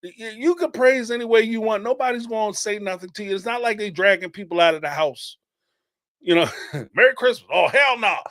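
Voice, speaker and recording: A man's voice: high voice, a little fast, fairly bright tone, no room sound, clean studio sound. A man hosting a reality TV commentary show, talking bluntly, swearing freely and laughing as he mocks what others said. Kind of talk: casual commentary monologue.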